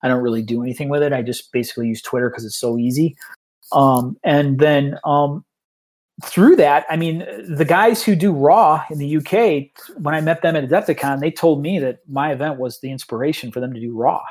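A man talking casually as a podcast guest, rambling with many restarts and fillers, and getting animated as he retells stories. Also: a little high, fairly quick. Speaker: tabletop tournament organizer, guest.

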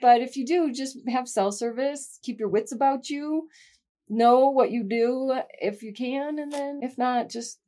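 A woman's voice: high voice, unhurried, dark tone. A middle-aged woman co-hosting a podcast in casual chat, frank and reflective, swearing now and then. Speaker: podcast co-host.

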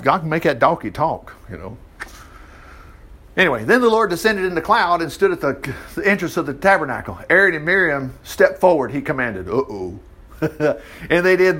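Male Bible teacher, slightly high voice with very lively range, chatty and animated, lots of rhetorical questions. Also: normal speed, slightly rough. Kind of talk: informal Bible study teaching.

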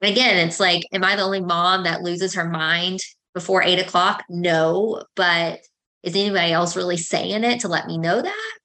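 A woman's voice: fairly low pitch, normal speed, pushed and bright. A woman in her thirties hosting a podcast, chatting casually and acting out exchanges with her kids. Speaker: podcast host. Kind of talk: casual chat.

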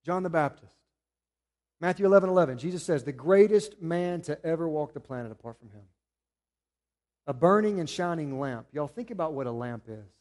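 Guy preaching, pretty high voice, swings from loud push to hushed. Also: fairly quick. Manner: preaching with rising emphasis, then dropping to quiet appeals. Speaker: pastor. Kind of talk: sermon.

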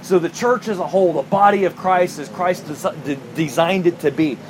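A man preaching a sermon, telling a personal story with an emphatic, animated delivery. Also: on the high side, normal speed, a little hiss or hum. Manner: storytelling, emphatic, rising to near-shouting when recounting anger. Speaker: pastor.

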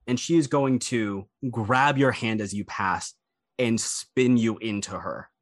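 A man narrating a tabletop role-playing game as game master in a relaxed, rambling way, often correcting himself mid-sentence. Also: mid-range voice, unhurried. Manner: relaxed, rambling, with frequent ums and self-corrections.

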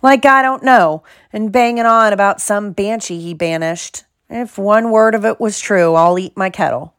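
A woman's voice: mid-range voice, normal speed, clear, resonant tone, no echo, clean studio sound, pitched above the performer's own voice, close to an everyday voice. A woman doing Hagrid, bluff and hearty. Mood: indignant. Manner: bluff, blunt, colloquial. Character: big gruff kindly male half-giant groundskeeper. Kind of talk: audiobook character voice.

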